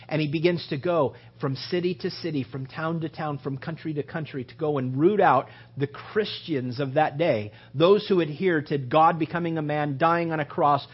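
Husky man teaching a Bible study. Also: sits high, highs cut off. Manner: conversational, acts out voices of biblical figures.

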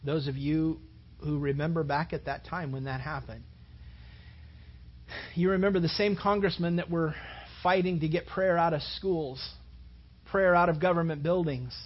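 A man's voice: fairly high pitch, normal speed, muffled recording. A man preaching a sermon in a conversational way, repeating words and building to emphatic points. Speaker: pastor.

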